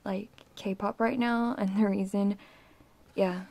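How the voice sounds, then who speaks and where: A young woman filming an excited, rambling unboxing vlog, often dropping to an awed whisper. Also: mid-range voice, slow pace, vocal fry. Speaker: vlogger unboxing an album.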